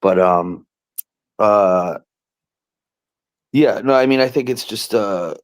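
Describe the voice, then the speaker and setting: A man talking casually on a podcast, relaxed and halting, with many fillers and restarts. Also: on the low side, no echo. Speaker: wrestling promoter, show regular.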